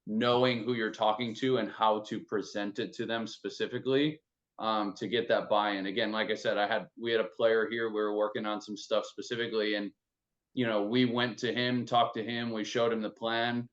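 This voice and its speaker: A man's voice: fairly low pitch, fairly bright tone. A man hosting a casual podcast discussion, talking loosely with lots of filler words. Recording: dull lo-fi sound.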